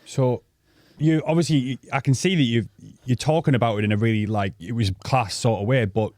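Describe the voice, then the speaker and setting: A male podcast co-host asks his guest questions quickly and chattily. His voice sits at a middle pitch. The sound is dry and close. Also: a little mellow, no room sound. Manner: quick, chatty, laughs along. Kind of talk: casual podcast chat.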